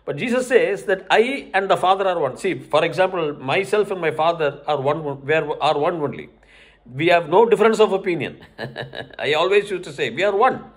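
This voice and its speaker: High-voiced older man, hesitant. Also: animated, moderate pace, husky. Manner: hesitant, many fillers, cites verses. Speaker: religious commentator. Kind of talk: unscripted explanatory talk.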